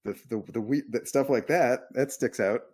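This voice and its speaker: A man's voice: medium pitch, normal speed, darkish tone, slightly rough. A man in his thirties, a comedian and podcast co-host, telling a rambling, self-mocking story in casual chat.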